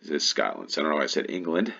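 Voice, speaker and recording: American man, very deep voice, casual game commentary, muses aloud. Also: very animated, rapid-fire, vocal fry, pushed and bright, dull audio. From United States. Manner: musing aloud, thinking to himself. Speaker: gaming YouTuber. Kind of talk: casual play-along commentary.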